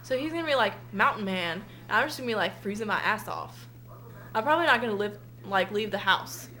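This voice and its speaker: A woman's voice: mid-range voice, animated, fairly quick, sharp tone, poor audio. A young woman at home, casually ranting and rambling to a webcam with lots of fillers, swearing and dramatic asides. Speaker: vlogger. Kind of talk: casual ranting vlog to a friend.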